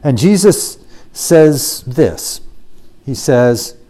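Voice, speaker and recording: Man preaching with lively emphasis. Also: medium pitch, very slow. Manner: emphatic, repeats key phrases, quotes scripture in a softer voice. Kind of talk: expository sermon.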